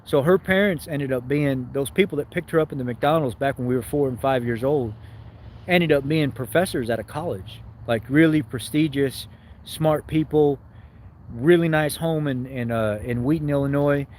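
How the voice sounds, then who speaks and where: A man's voice: medium pitch, moderate pace, a little mellow, a little hiss or hum, low-quality recording. A man vlogging, telling a personal story in a rambling, emotional way, often repeating his words.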